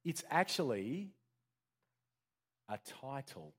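Lively, joking male pastor. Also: medium pitch, unhurried, pauses often, slightly rough. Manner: lively, joking, asks the congregation questions. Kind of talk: interactive sermon. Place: church.

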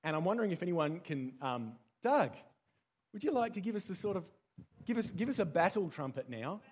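A man with an Australian accent leads a playful children's talk, his voice sitting noticeably high for a man. He keeps quizzing his listeners and has them repeat the key words with him, in a lively, interactive teaching manner. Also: brisk, slightly rough.

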